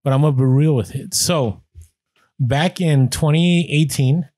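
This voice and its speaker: A man with a Latino accent co-hosting a casual podcast, speaking in a relaxed, conversational way. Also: on the high side, measured pace, no room sound, studio quality. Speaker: podcast co-host.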